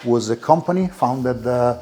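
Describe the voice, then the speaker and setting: A man with an Italian accent, a car collector giving a tour of his garage and talking in halting English with many restarts. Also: mid-range voice, mellow. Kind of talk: casual interview while walking a car collection. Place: indoor garage.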